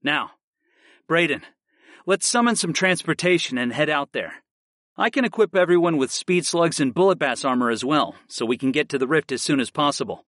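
A man narrates a first-person fantasy audiobook with expressive storytelling, his pitch rising and falling freely. The read is dry and close, with no room sound. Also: moderate pace, no echo.

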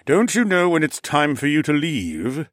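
A man voicing a big, impatient but friendly ram lord in an audiobook, talking in a gruff, blustery way. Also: mid-range voice, very animated, normal speed, fairly bright tone, no echo, clean studio sound.

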